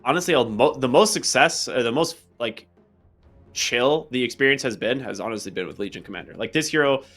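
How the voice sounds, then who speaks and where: Esports host guy, mid voice, relaxed chatty banter, light music in the back. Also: mid-range voice, brisk. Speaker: esports caster. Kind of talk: casual esports commentary.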